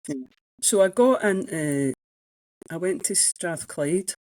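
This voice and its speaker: A woman's voice: lowish voice, lively intonation, slow, darkish tone, dry recording, low-quality recording. A Scottish woman in her sixties, an economics professor telling frank, self-mocking stories as a guest in a casual interview. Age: 60s.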